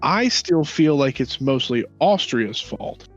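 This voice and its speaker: A man's voice: medium pitch, animated, takes it slowly. A man in a casual history chat, profane and sarcastic, acting out nations in mocking quoted voices. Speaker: podcast co-host. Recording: dull lo-fi sound with faint music.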